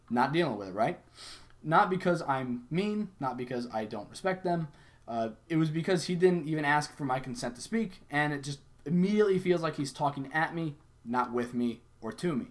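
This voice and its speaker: A man's voice: fairly high pitch, animated, brisk. Young adult man, conversational sales coach, acts out sample lines mid-explanation. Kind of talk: casual instructional talk.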